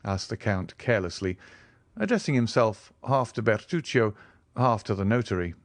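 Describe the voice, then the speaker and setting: A man reading a classic novel aloud as audiobook narrator, in a measured, expressive way. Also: on the low side, dry recording. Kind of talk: scripted narration.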